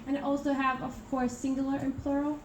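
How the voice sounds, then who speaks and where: Heard from far off in a noisy, echoey room, a young Italian student presents to her class. Her high voice is brisk and flat, and her delivery is hesitant, with frequent fillers and restarts.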